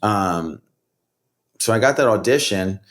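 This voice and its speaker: Rambling New rapper, low voice. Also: male voice, takes it slowly. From United States. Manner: rambling, animated, many "like" and "you know" fillers. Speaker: rapper and comedian, podcast guest. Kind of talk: casual storytelling interview.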